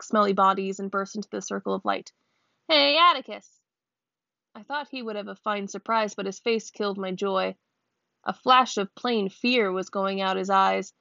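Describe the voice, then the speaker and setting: A woman reads a novel aloud in a gravelly, creaky voice, nudging her pitch up a little when characters speak. The recording is dry and somewhat dull, with no room sound. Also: fairly bright tone, no echo. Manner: stops to check a word's pronunciation and laughs. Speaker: reader.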